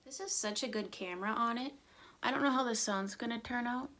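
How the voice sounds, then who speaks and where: A woman's voice: fairly high pitch, a little fast, fairly bright tone. A woman in her thirties chatting casually through a get-ready-with-me vlog, rambling and sometimes dropping to a whisper, filmed close on a phone at home. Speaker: beauty vlogger. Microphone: phone camera close up.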